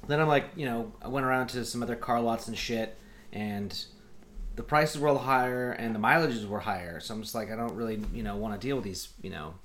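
A man telling a story in casual chat, profane and exasperated as he acts out both sides of phone calls. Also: medium pitch.

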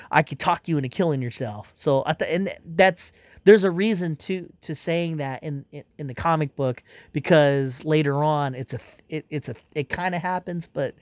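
A man's voice: fairly high pitch, dry recording. A man ranting casually as a comic fan, swearing often and rambling with exasperation. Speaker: comic fan reviewing a movie. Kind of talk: casual rant.

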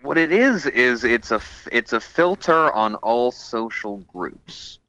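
A man's voice: medium pitch, lively intonation, slow, highs cut off, a crowd in the background. A man calling in as a guest for a casual chat, playful, with drawling cowboy-style greetings.

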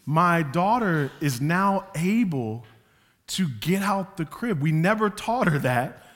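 A man preaching a sermon as a pastor, moving from quiet, slow passages to loud, emphatic ones. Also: a little high, lively intonation. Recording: long hall reverb.

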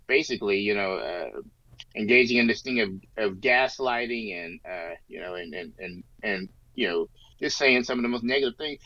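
A man's voice: mid-range voice, pushed and bright, no room sound. A man co-hosting a podcast, talking through politics in a rambling, casual way with many fillers and restarts. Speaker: podcast co-host. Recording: dull lo-fi sound, dry.

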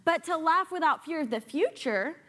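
High-voiced woman preaching a lively sermon. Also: moderate pace. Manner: animated, with playful sarcastic asides. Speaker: guest preacher.

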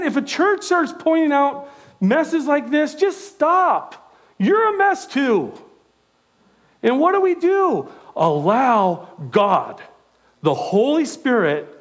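A middle-aged pastor from California delivers a sermon in a lively, conversational way, telling stories from his own life. His voice sits high for a man. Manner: conversational, animated storytelling preacher.

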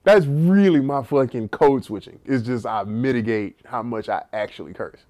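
A man's voice: medium pitch, normal speed, warm tone. A man co-hosting a podcast, telling stories in casual, profane chat with bursts of laughter. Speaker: podcast co-host.

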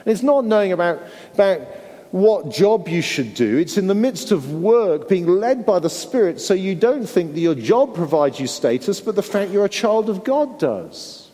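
A man's voice: high voice, sing-song, normal speed, warm tone. A man preaching a sermon in an earnest way, often repeating words and asking his listeners tag questions. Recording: long hall reverb.

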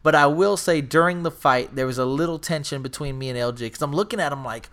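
A young man co-hosts a casual podcast, telling stories with loud swearing. His voice sits a little high. He acts out other people's shouting as he goes. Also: quick pace. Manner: animated storyteller, swears a lot, acts out shouting. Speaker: podcast co-host.

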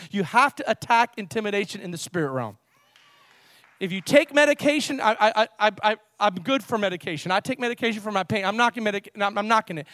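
A man preaching a sermon in a church, swinging between loud emphatic reading and low, quiet asides. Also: no room sound, studio quality. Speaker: pastor.

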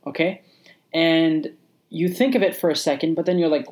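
A man's voice: fairly high pitch, moderate pace, darkish tone. A man delivers a motivational podcast monologue straight to the listener. His talk is casual and repetitive, and he often restarts his sentences and leans on fillers. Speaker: podcast host.

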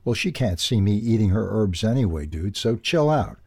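A man's voice: lowish voice, animated, normal speed, darkish tone, dry recording, clean studio sound. A man reading a storybook, voicing a brash male ground squirrel who chatters in a slangy, breezy way. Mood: cheeky.

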